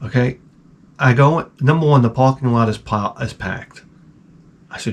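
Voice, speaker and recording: A man hosting his own channel, telling a rambling comic story with lots of swearing and loud mouth sound effects. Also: mid-range voice, normal speed. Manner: animated, profane, with loud sound-effect imitations. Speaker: channel host. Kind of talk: rambling comedic monologue.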